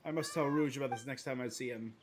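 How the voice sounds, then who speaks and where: A man's voice: mid-range voice, fast talker, noisy background. Man voicing game dialogue aloud. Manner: puts on character voices, playful asides. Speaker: streamer. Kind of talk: reading game dialogue aloud while playing. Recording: game music faintly behind.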